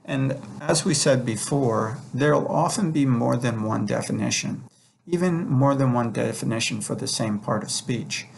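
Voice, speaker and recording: A man teaching a recorded lecture over slides, talking in a relaxed way with many fillers and restarts. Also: mid-range voice, normal speed, slight background noise. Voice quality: gravelly, creaky. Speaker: instructor.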